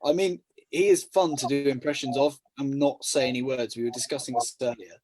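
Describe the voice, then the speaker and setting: A man, a podcast guest, telling jokes in an animated way. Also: medium pitch, fairly quick, no echo. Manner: animated storytelling with playful bursts. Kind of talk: casual comedy chat.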